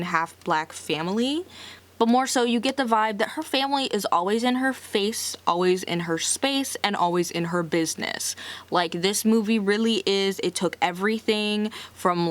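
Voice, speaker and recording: A young woman talks through a movie's plot in a loose, chatty recap, leaning hard on filler words. She drops sassy asides as she goes, and her voice sits at a comfortable middle pitch. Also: a bit bright. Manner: chatty, heavy use of filler "like"; sassy side comments.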